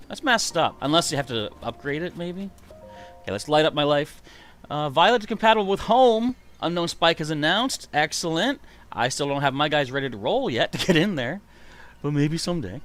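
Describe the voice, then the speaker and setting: A man giving live gameplay commentary, excitable and chatty, reading out viewer comments. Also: a little high, normal speed, soft background music. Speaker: streamer playing a video game.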